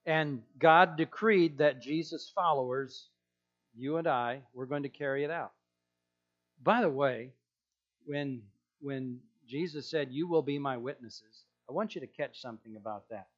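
A male pastor preaching with emphasis, returning again and again to his key phrases. His voice sits fairly high. The recording sounds dull and lo-fi. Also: measured pace. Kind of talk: sermon.

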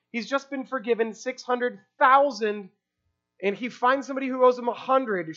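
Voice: mid-range voice, fairly bright tone, muffled recording. A preacher giving an expository sermon in a conversational way, asking rhetorical questions and using casual fillers.

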